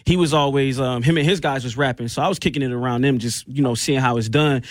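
A young man talking casually as the guest in an interview, relaxed and slangy, often saying "you know what I mean". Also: mid-range voice, fast talker, no room sound, clean studio sound. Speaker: guest rapper.

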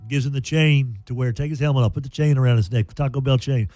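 A man hosting a sports radio show, chatty and folksy, telling stories in a lively way. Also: mid-range voice, fast talker, hardly any pauses, music in the background. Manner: chatty, folksy, animated storytelling. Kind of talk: casual sports radio talk.

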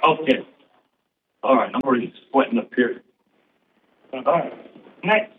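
A man doing stand-up comedy on stage, bantering quickly and playfully with the crowd. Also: medium pitch, expressive, slight background noise. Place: stage before a live audience. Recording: tinny far-off stage recording with music.

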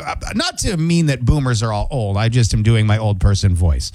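A man's voice: mid-range voice, lively intonation, fast, vocal fry, few pauses, a little mellow, dry recording. A man working as a radio DJ, chatting casually on air in a playful, joking way from a studio.

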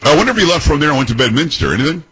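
A man hosts a talk radio show, trading jokes with his co-hosts. His voice is husky yet bright and sharp. His pitch swings widely as he banters and ribs them. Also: big pitch swings, low-quality recording. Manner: teasing, laughs a lot, quick jokes. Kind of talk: casual banter on air.

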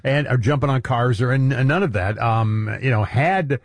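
A man's voice: medium pitch, moderate pace, no room sound. A man hosting a talk show, chatting casually and conversationally with his co-host about the news. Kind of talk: casual political chat.

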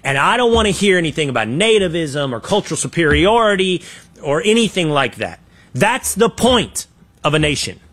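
A man hosting a political talk show, giving opinionated commentary and acting out quotes in an animated way. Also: a little high, moderate pace, dry recording. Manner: animated, acts out quotes in his own voice, trailing restarts.

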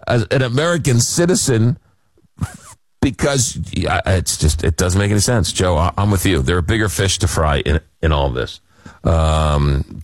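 A man hosts a late-night call-in radio show. His low voice swings widely in pitch as he rambles through animated, self-deprecating stories. The sound is dry and close. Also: moderate pace, dry recording. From Long Island, New York. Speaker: radio talk show host. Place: radio studio.

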